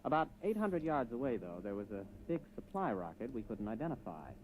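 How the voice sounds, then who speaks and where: A man's voice: mid-range voice, sing-song, brisk, slight background noise, natural voice, low-quality recording. A man playing a breezy Brooklyn rocket captain. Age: 20s. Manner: breezy, easygoing and plainspoken, narrating his past. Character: brash young American rocket captain.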